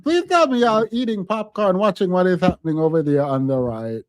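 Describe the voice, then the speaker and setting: A man with a notably high voice talks casually to his live-stream audience, with frequent laughter and dramatic pauses. The sound is dry and close, with no room around it. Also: expressive, no room sound. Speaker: streamer and commentator.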